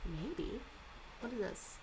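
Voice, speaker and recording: Reading manga on stream, this young woman reacts and chats in a lively, casual way, her talk full of likes and ums. She speaks slowly in a fairly high voice, and the audio quality is poor.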